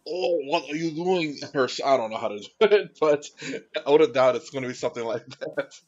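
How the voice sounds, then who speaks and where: Painting miniatures on stream, this man rambles casually to his viewers, restarting sentences and using lots of fillers. He speaks a little fast at medium pitch, animated and darkish in tone, and the sound is dull and slightly lo-fi.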